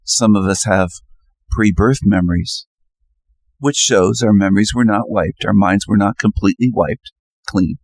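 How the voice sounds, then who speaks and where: A man's voice: fairly low pitch, moderate pace, a little mellow, no room sound. A man hosting his own channel, delivering an insistent solo monologue full of challenging rhetorical questions. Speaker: channel host.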